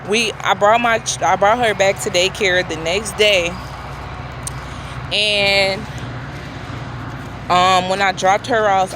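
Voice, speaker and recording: A woman vlogger telling a personal story in a casual, chatty way, talking straight to her viewers and acting out the dialogue. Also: noisy background. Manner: chatty, addresses viewers directly; acts out quoted dialogue with shifting pitch.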